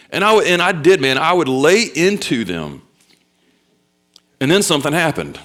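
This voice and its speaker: Young male pastor, sermon, storytelling, loud bursts then soft asides. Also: a little high, very animated, moderate pace, long pauses.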